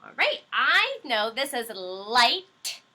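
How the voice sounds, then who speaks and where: Woman, primary teacher, patient phonics walkthrough, very bright, slightly high voice, slow and drawn out. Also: sing-song. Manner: slow, patient, encouraging, stretches out words and letters. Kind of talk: phonics lesson for young children.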